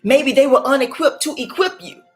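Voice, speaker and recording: A woman in her forties or older talks as a life coach in a preacherly way, repeating her key words for emphasis. Her voice sits a little high. Soft music plays faintly behind her. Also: lively intonation, brisk. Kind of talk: motivational faith talk.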